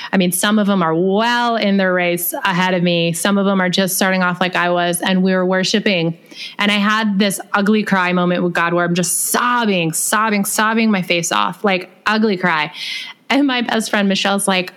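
A woman guest on a podcast telling a personal faith story, animated and laughing often, acting out dialogue. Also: mid-range voice, smooth. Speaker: podcast guest, author and speaker. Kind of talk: casual interview storytelling.

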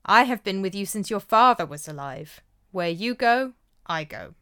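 A woman voicing a loyal, kindly male farmhand who speaks gently. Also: mid-range voice, normal speed, clean tone, natural voice. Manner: kind, steady.

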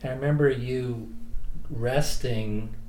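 A man's voice: medium pitch, steady tone, slow pace, mellow, echoey room, slight background noise. A man interviewing a guest in a casual, prompting way. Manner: prompting, conversational.

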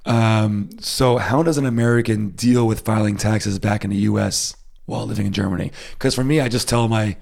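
Male co-host, gravelly and low, laid-back. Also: moderate pace. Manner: relaxed, agreeable, chimes in with short replies. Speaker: podcast co-host. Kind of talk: casual chat.

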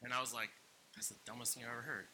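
Bright-voiced man telling a story. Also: mid-range voice, very fast, a little hiss or hum, rough recording. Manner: animated personal storytelling, acts out quotes. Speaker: pastor. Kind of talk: sermon storytelling.

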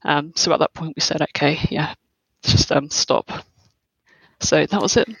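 A young adult woman as an interview guest, speaking in a hesitant, reflective way with frequent pauses and fillers. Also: low voice, fairly even intonation, gravelly, slightly rough, no room sound, low-quality recording. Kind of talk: personal interview, recounting.

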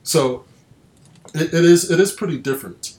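A man's voice: on the high side, moderate pace, a little mellow, roomy sound. A man hosting a casual online chat, rambling with restarts and sardonic asides. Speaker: podcast host. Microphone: online call.

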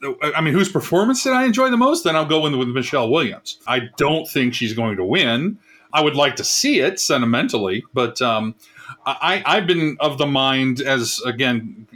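A man's voice: medium pitch, expressive, normal speed, fairly bright tone. A man on a casual panel discussion, called professor, thinking aloud and hedging his picks.

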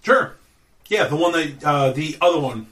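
A man's voice: animated, moderate pace, a bit bright. A man narrating as dungeon master of a tabletop game, playful and casual. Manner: playful, puts on squeaky goblin voices.

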